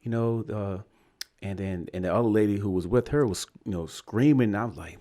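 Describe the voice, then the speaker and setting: A man's voice: lowish voice, fairly quick. A young man from Virginia telling a story on a podcast, acting out the voices of the people in it. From Virginia, USA. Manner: animated storyteller, acts out quoted voices. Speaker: podcast co-host. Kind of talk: casual storytelling chat.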